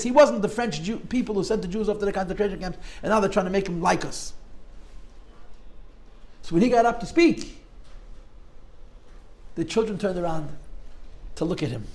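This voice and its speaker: A man teaching a Torah class, telling a story with lively, dramatic emotion and acting out the quotes. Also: sits high, poor audio. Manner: animated storyteller, acts out quotes with rising emotion.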